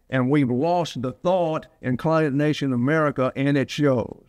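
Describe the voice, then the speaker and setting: A man's voice: mid-range voice, steady tone, measured pace, hardly any pauses, darkish tone, dry recording. A man in his eighties from Alabama, preaching a sermon in a folksy, rambling way. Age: 80s. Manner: folksy, digressive storytelling. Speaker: pastor.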